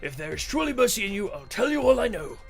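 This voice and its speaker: A man voicing a small, timid old hermit, wary and pleading, with drawn-out hums. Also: high-pitched, very animated, vocal fry, over music, heavily acted. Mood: solemn. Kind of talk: game dialogue read-aloud.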